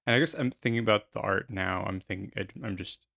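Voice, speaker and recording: A man's voice: lowish voice, fairly even intonation, fast, creaky, fairly bright tone, no room sound, studio quality. A man co-hosting a film podcast, talking hesitantly with many fillers and restarts. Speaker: podcast co-host. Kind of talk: casual podcast chat.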